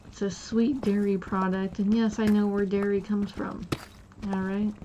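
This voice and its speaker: A woman's voice: medium pitch, flat delivery, moderate pace, lo-fi sound, noisy background. A woman live streamer chatting casually while she plays, rambling through stories with restarts and giggles.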